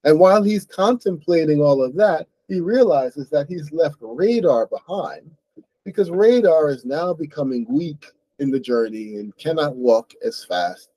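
A man with an American accent reads a story aloud and then explains it patiently to English learners. He often checks in with a quick "right?". His voice sits a little high, with a warm, mellow tone that sounds dry and close. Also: animated, no echo, poor audio. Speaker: host and English teacher.

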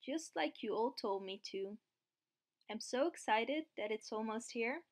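A woman reading aloud as an eager, cheerful male snowman, in an excited, wondering manner. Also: a little high, a little slow.

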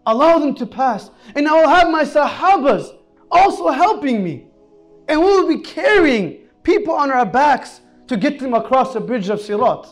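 A man preaching an Islamic sermon, telling stories earnestly and moving between soft, low passages and raised, emphatic ones. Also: big pitch swings, normal speed, soft background music.

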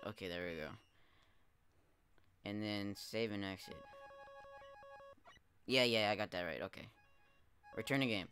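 A young man commenting live on his gameplay, swearing a lot, laughing often and yelling at the game when he fails. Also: lowish voice, unhurried, pauses often. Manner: profane, excitable, laughs often, shouts at the game. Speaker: streamer playing a retro game. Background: game music.

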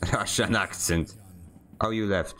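A man with a lowish voice chats while he plays a game on stream. He rambles, pokes fun at himself and keeps stumbling into restarts mid-sentence. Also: fairly even intonation, slow, pushed and bright. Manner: joking, self-mocking. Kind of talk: casual chat while gaming.

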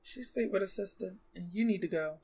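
A woman's voice: medium pitch, dark tone, slightly rough. Chatty young woman commenting on her game. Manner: chatty, scolds and coaxes the game characters aloud; exclamatory, quick to gasp and laugh. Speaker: gaming YouTuber. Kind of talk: let's play commentary.

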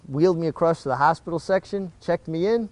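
A man's voice: a little high, fast talker. New man telling his story. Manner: animated storyteller with frequent restarts. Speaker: former jockey, interview guest. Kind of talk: casual interview storytelling.

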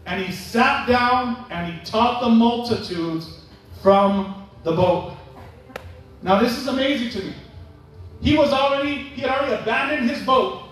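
A man preaches in a church sanctuary, calling out for amens and acting out little scenes of dialogue. His voice sits unusually high. The recording is distant and drenched in the echo of a large hall. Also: measured pace, fairly bright tone. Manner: calls for amens, acts out imagined dialogue. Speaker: pastor. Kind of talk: sermon. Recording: echoey church hall from far off.

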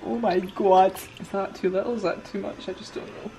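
A young woman chatting excitedly to camera in a casual vlog, gushing and giggling as she talks. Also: medium pitch, brisk, faint music behind. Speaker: vlogger. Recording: noisy phone vlog audio.

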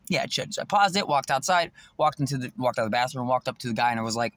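A man's voice: medium pitch, rapid-fire, hardly any pauses, fairly bright tone. A man telling a story in a profane, agitated, boastful way while sitting in his parked car in a parking lot. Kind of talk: casual storytelling vlog.

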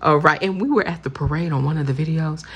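Gushing woman with gravelly voice. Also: sits low, fast. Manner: gushing, chatty, says "y'all" often. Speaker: vlogger showing purchases. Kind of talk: casual haul video chat.

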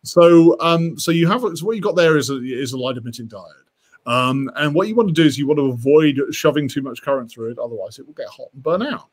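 A man's voice: a little high, animated, brisk. A man explaining electronics as a guest on a live stream, thinking aloud with many fillers and restarts. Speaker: guest engineer.

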